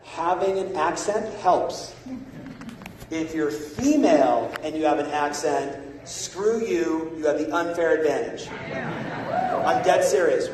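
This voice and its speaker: Man, sales coach on stage, raised voice, punchy and coaxing, caught from far back in a booming hall. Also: background noise. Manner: energetic, rapid, coaxing the audience. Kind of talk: motivational seminar talk. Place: large conference hall. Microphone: far from a phone camera in the audience. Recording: echoey hall recorded from far off.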